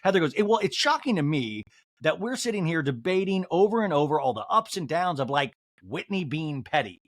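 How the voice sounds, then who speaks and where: A man hosts a comedic recap podcast and leaps between his own voice and playful impressions of the cast. His pitch swings widely and sits a little high for a man. The sound is dry and close, with no room around it. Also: big pitch swings, brisk, no echo. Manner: acts out each cast member's lines in put-on voices. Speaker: podcast host. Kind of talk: comedic reality-show recap.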